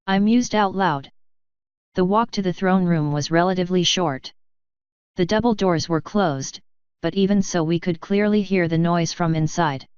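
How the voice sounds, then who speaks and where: Smooth-voiced woman reading fan fiction. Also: on the low side, normal speed, darkish tone, dry recording, highs cut off. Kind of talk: audiobook narration.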